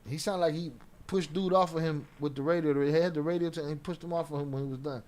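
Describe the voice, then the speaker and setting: Man, casual commentary, slangy, profane, slightly high pitch. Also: fairly even intonation, fast talker, darkish tone. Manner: loose slangy talk with profanity. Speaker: commentary streamer.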